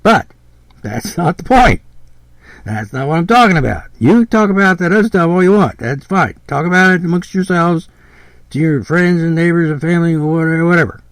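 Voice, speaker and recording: Older guy ranting on his podcast, kinda high voice, swears a lot, repeats himself, dry close sound. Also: normal speed, no room sound. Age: 70s. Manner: blunt, repetitive, exasperated, swears freely. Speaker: podcast host. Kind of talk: rambling podcast monologue.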